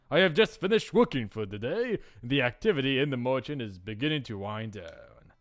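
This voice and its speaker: A man hosting a let's play, reading a visual novel aloud with playful, jokey asides. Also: mid-range voice.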